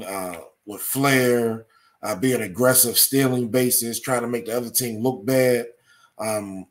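A man hosting a sports history talk show, speaking in a measured way with lots of ums and uhs. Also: mid-range voice, fairly bright tone. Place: studio or home setup.

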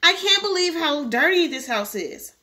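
A bossy teenage sister snaps back in short, dismissive lines, as a woman reading aloud puts her on. Her voice is high and bright, with lively swings in pitch. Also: moderate pace. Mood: snippy. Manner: curt and dismissive. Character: snippy teenage girl, bossy older sister.

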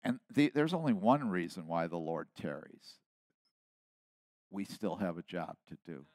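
A man in his seventies preaching a sermon with passion, dropping to quiet asides and then rising to loud emphasis. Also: low voice, a little slow, no echo. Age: 70s. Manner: impassioned preaching, swinging between soft asides and loud emphasis. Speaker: pastor.

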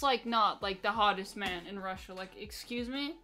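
A woman's voice: mid-range voice, normal speed, sharp tone. Profane, blunt woman streamer with faint music. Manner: profane, blunt and teasing, with a lot of filler "like". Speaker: live streamer. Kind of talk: casual live-stream chat, reacting to viewer messages.

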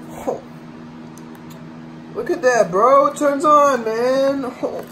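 A man vlogging while gaming, slangy and swearing constantly, flipping from mutters to yelling. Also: very high voice, expressive, extremely slow, long pauses, a little hiss or hum, poor audio. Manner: slangy, uses bro and y'all. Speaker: gaming YouTuber. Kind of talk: casual gaming vlog.

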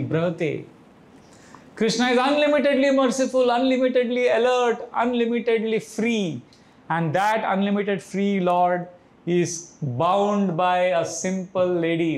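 Spiritual teacher, male, higher pitch, animated storyteller who chants verses, roomy echo. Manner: animated storytelling, acts out pleas for help, chants Sanskrit verses slowly. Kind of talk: devotional lecture.

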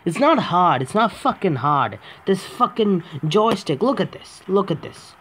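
A man's voice: sits high, sing-song, a little slow, a bit bright, slight background noise. A young man who just woke up, casually commentating a mobile game, swearing and arguing with the controls. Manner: profane, exasperated, talks to the game. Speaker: gaming YouTuber.

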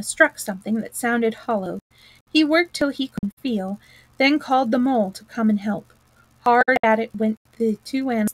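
A woman's voice: fairly high pitch, no room sound, low-quality recording. Woman reading a storybook aloud, dry sound. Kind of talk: reading a children's book aloud.

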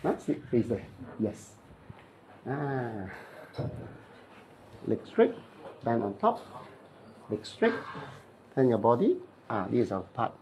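A chiropractic therapist with a Malaysian English accent, instructing a client in clipped, playful phrases during treatment and mimicking cracking sounds. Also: male voice, mid-range voice, sing-song, slow pace, pauses often, a little mellow, slight background noise.

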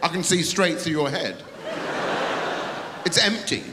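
A man doing live stand-up comedy, teasing the audience and bursting into shouts. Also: a little high, very animated, a little slow, heavy background noise. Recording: live theatre recording, long reverb, loud crowd.

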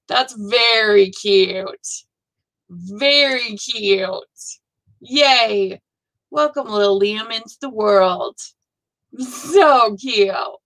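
A woman's voice: mid-range voice, a bit bright, low-quality recording. A woman hosting a casual live stream, thinking aloud and gushing with frequent exclamations. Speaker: host of a live stitching show.

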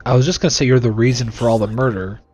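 A man's voice: medium pitch, fairly even intonation, fast talker, darkish tone, no echo. A young man hosting casual gameplay commentary, sarcastic and full of swearing and jokes into a desk microphone. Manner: profane, sarcastic, joking. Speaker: let's play host.

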